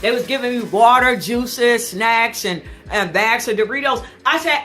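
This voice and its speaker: A woman telling a comic story in a brash, boastful, animated way. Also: on the high side, moderate pace, few pauses, faint music behind. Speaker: comedic storyteller.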